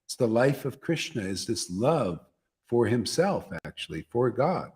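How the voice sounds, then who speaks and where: A man's voice: medium pitch, big pitch swings, a little slow, a little mellow. A man teaching a devotional gathering, repeating phrases and often asking "see?". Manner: repetitive, emphatic, asks listeners "see?". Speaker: spiritual teacher leading satsang.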